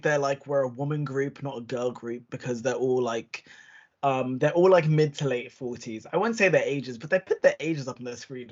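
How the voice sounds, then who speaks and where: A young adult podcast co-host telling stories in an animated, casual way, acting out quotes and using lots of fillers. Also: medium pitch. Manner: animated storytelling, quick acted-out quotes, many fillers. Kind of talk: casual chat. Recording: dull lo-fi recording.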